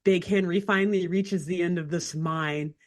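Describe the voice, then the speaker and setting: A woman co-hosting a podcast, retelling a cartoon episode in casual chat with animated storytelling and lots of filler words. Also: fairly low pitch, normal speed. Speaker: podcast co-host.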